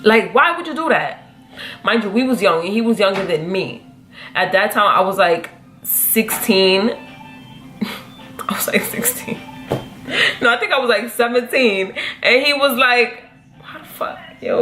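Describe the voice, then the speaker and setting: A young woman telling a personal story in a casual, animated, profane way, jumping up in pitch when she quotes herself. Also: normal speed, soft background music. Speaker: vlogger.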